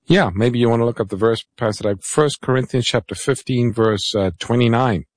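A man co-hosting a radio Bible call-in show, gently explaining scripture and taking callers. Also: medium pitch, dry recording, clean studio sound. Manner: gentle, explanatory, reads phone numbers slowly. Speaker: radio co-host pastor.

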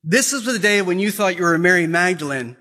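A man's voice: high voice, expressive, a little fast, sharp tone, long reverb tail, heavily acted. A man doing a tender, insistent nun. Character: gentle, firm woman, a nun counseling a girl.

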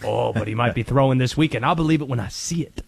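A man voicing an excitable, rambling male conspiracy-minded sports fan with a put-on Cajun accent. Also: medium pitch, fast, creaky, breathy edge, voice pushed down. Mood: suspicious. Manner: jumpy, rambling, suspicious.

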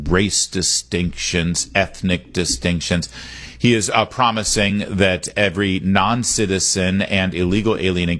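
A middle-aged man hosting a political talk radio show, talking in an animated, digressive and emphatic way. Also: low voice.

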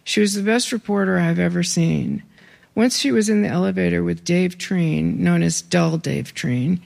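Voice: mid-range voice, vocal fry, a little mellow. An author reading their own prose aloud to a live audience, with wry, conversational asides between passages.

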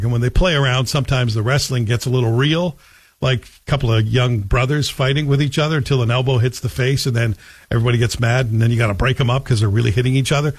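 Combative talk radio host. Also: male voice, mid-range voice, slightly rough, dry recording. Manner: combative, emphatic, folksy storytelling. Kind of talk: opinionated radio monologue. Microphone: studio microphone.

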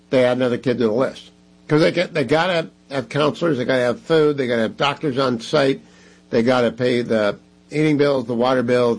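A man hosting a talk radio show, making an emphatic, repetitive pitch to listeners. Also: poor audio.

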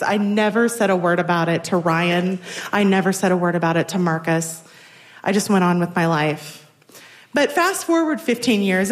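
A woman in her forties telling a personal story on stage with wry, self-deprecating humor. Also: mid-range voice. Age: 40s.

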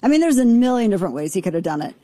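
A woman hosting a political talk show, riffing in a brash, sarcastic, fast way. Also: medium pitch, sing-song, dark tone, no echo.

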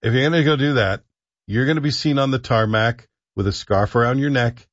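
A man's voice: mid-range voice, brisk, no room sound, lo-fi sound. A man hosting a talk radio show, riffing in a wry, joking way and dishing out mock-earnest advice. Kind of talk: casual talk radio banter.

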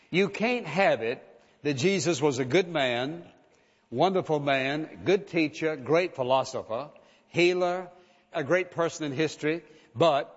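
A man preaching a sermon as pastor, emphatic and driving his points home with rhetorical questions and repetition. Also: a little high. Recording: dull lo-fi sound with long hall reverb.

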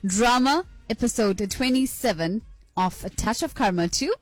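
A woman's voice: fairly high pitch, expressive, moderate pace, no echo. A radio presenter signing off her show, chatty and courteous. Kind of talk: show sign-off.

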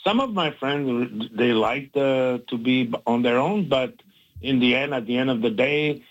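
A man's voice: mid-range voice, unhurried, muffled recording. A man in his sixties talking casually as a phone-in radio guest, with lots of fillers and restarts and an easygoing, smiling delivery. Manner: warm, chatty, many fillers and restarts, laughs easily.

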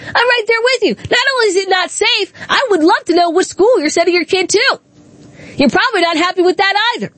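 A woman's voice: very high-pitched, lively intonation, a little fast, fairly bright tone, no echo. A woman hosting a talk radio show, chatting in an emphatic, conversational way.

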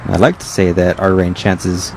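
A man hosting a call-in radio gardening show, brisk when giving the phone number. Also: sits low, flat delivery, darkish tone, slight background noise.

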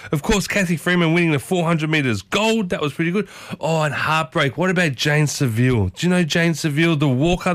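A man's voice: a little high, a bit bright, no room sound. A man with an Australian accent hosting a morning community radio show, chatting enthusiastically and rambling through his memories. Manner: enthusiastic, rambling, reminiscing with lots of asides. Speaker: breakfast radio host. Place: radio studio.

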